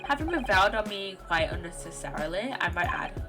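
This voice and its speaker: A woman doing a theatrical gentleman detective. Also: mid-range voice, big pitch swings, a little fast, over music, lightly acted. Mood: genteel. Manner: polite, theatrical. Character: genteel eccentric male detective.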